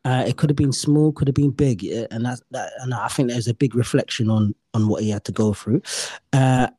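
A man's voice: medium pitch, fairly quick, mellow, slightly rough, no echo, studio quality. A man hosting a casual podcast chat, bantering and swearing freely. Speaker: podcast host.

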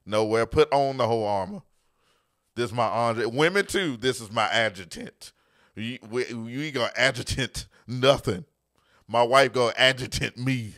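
A man who is a pastor and podcast host, talking in an emphatic preaching style, repeating phrases for stress and dropping quieter to tell a story. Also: medium pitch, normal speed, dry recording, clean studio sound.

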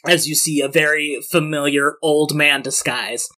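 Bright guy running a tabletop game, chatty, laughs a lot. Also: on the high side, steady tone. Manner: quick, chatty, laughs often. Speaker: game master.

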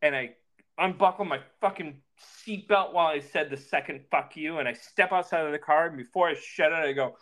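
A man on a podcast, telling a personal story in a casual, animated way, swearing freely and acting out the dialogue. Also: on the high side, brisk, hardly any pauses.

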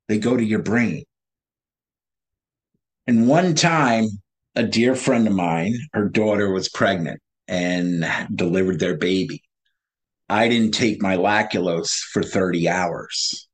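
A man guest on a video call, telling his story in an animated way, laughing and acting out past conversations. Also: on the low side, slow pace.

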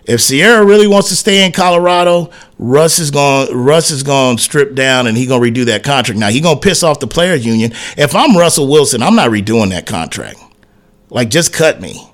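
A man's voice: mid-range voice, a little fast. A man co-hosting a sports talk radio show, telling a casual story and acting out the quoted dialogue, with "man" and "whatever" peppered through his speech. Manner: animated anecdote teller who acts out quoted dialogue, frequent "man" and "whatever".

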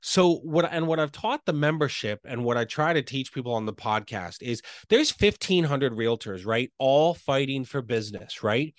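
A man speaking as a podcast guest and real estate coach, talking quickly and earnestly and often checking in with "right?". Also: medium pitch, expressive, no echo. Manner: earnest, fast, enthusiastic talker with frequent "right?" tags.

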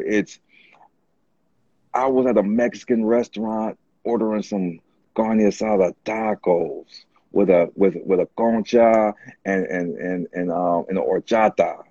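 A man telling stories on a podcast in a loose, animated way, repeating words and acting out what others said. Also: on the low side, husky, dry recording. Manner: animated storyteller, repeats words, acts out quotes. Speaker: podcast guest. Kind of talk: casual storytelling chat. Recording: dull dry close-mic podcast sound.

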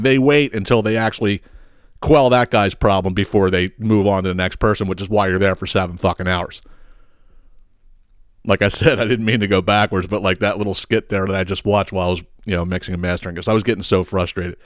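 A man's voice: on the low side, no echo, clean studio sound. A man hosting a podcast, ranting in a casual, comic way, swearing a lot and breaking into laughs as he tells stories. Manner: profane, exasperated storytelling with frequent laughs. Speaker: podcast host. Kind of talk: casual comedic rant.

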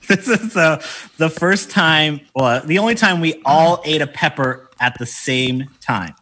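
A man's voice: fairly high pitch, slow pace, bright, forceful tone, slightly rough. A man co-hosting a casual podcast, self-mocking and laughing. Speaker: podcast co-host. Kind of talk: casual chat.

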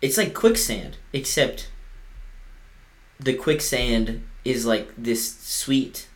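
A man's voice: mid-range voice, takes it slowly. Joking podcast co-host guy. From Iowa. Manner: joking, reads facts aloud from a screen. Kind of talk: casual chat.

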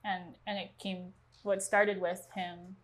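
A woman's voice: lowish voice, level tone, slow pace. Woman coach, chatty, laughs easily, casual group talk. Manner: chatty, laughs often, many fillers.

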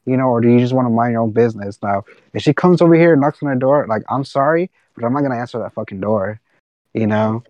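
A man's voice: medium pitch, fast talker, darkish tone, no room sound, lo-fi sound. A man telling stories in a loose, casual podcast chat. He rambles, restarts his sentences and swears freely. The sound is dry and close. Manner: rambling, restarts and fillers, profanity.

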